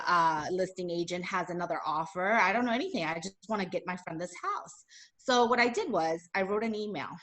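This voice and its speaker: A woman with a medium-pitched voice is a guest at a live talk, telling a personal story in an animated, chatty way full of fillers.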